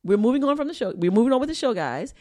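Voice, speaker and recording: A woman's voice: on the high side, big pitch swings, very fast, a little mellow. A woman co-hosting a podcast, chatting casually with playful, teasing banter. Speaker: podcast co-host. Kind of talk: casual chat.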